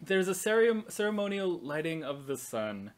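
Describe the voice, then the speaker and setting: A game master voicing an excitable older baroness who fusses over her guests and presses food on them. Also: mid-range voice, normal speed, noisy background, close to an everyday voice. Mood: gushing. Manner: gushing, eager to please, pushy with food.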